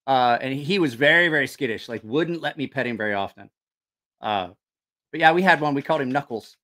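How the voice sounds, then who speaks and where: In a medium-pitched voice that sounds pushed and bright, a knife channel's livestream host talks fairly quickly. His casual livestream chat rambles, he swears freely, and he keeps losing his train of thought.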